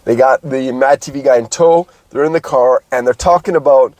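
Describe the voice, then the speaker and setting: A man's voice: medium pitch, brisk, a little mellow, low-quality recording. A man co-hosting a casual movie podcast over a video call, retelling scenes with sound effects. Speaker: podcast co-host.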